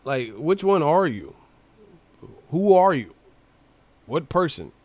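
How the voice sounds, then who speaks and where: Profane, animated man ranting on a stream. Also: fairly high pitch, slow, dry recording. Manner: profane, animated, mocking ranting with frequent laughs. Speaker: live stream host. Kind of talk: casual boxing commentary.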